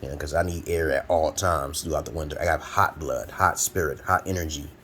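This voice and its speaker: A man's voice: a bass voice, fairly even intonation, a little fast, a bit bright, a little hiss or hum. A man in his forties from Brooklyn, New York, giving rambling advice in a blunt, profane, preachy monologue at home. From Brooklyn, New York, USA. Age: 40s. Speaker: advice vlogger. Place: home room. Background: fan running.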